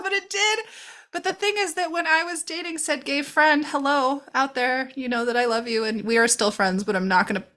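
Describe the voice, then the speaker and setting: Bright-voiced woman podcast host, animated chat, swears a lot, does little voices. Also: fairly high pitch. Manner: animated, swears freely, breaks into quoted voices. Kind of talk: casual chat reviewing a movie.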